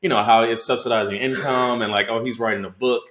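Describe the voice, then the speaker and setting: A man's voice: mid-range voice, fairly even intonation, fast, fairly bright tone, roomy sound. A man co-hosting a podcast, casually recapping a film's plot with lots of "like" and "um". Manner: loose plot recap full of "like" and "um". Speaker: podcast co-host. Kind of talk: casual movie review chat.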